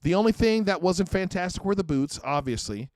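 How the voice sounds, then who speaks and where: A man hosting a casual pop-culture podcast, excitable, often restarting his sentences. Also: sits high, brisk, dry recording, clean studio sound. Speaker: podcast host. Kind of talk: casual chat.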